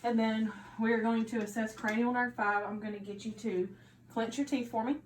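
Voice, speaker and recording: A woman's voice: on the high side, moderate pace. Woman, nursing student, step-by-step exam narration, roomy echo, faint background hiss. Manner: steady, instructive, step-by-step directions. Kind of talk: narrated physical assessment demo. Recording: echoey room with faint ambience.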